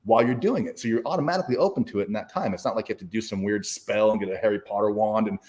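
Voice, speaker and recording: A man with a fairly low, slightly mellow voice races through a personal story as an interview guest. He is an author, and his telling is casual, emphatic and profane, with lots of restarts.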